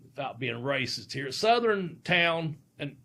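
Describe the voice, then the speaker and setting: Male podcast host, ex-wrestler, profane and laughing storyteller, slightly high voice. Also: sing-song, unhurried, creaky, pushed and bright. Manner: profane, laughs through his stories. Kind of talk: casual storytelling.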